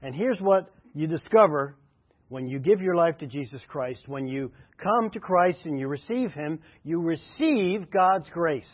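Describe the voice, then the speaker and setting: A man's voice: on the high side, animated, a little slow. A man preaching a sermon as a pastor, emphatic and repeating his key phrases. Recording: tinny phone-like radio sound.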